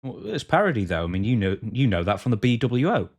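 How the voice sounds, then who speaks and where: A man's voice: medium pitch, sing-song, fast, darkish tone. A man co-hosting a podcast, keeping the conversation moving and introducing segments. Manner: steers the conversation and moves segments along. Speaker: podcast co-host. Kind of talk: casual podcast chat.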